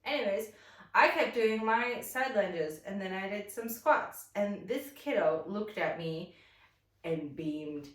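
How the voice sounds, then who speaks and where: A woman's voice: medium pitch, slow. A woman telling a casual, rambling story while she leads a morning stretching routine as a fitness instructor. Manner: chatty and rambling, animated when acting out the story. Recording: roomy sound from a distance.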